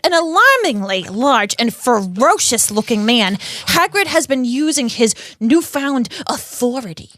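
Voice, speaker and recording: A woman's voice: a little high, sing-song, a little slow, hardly any pauses, bright, forceful tone, no room sound, exaggerated voice. A woman voicing a gossipy, brash female tabloid reporter with a put-on New York accent, reading an article aloud in character and giggling through the lines. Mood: snide.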